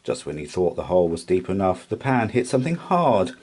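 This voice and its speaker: A man reading a children's storybook aloud with slow, expressive narration. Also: deep voice, breathy edge. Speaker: storybook reader.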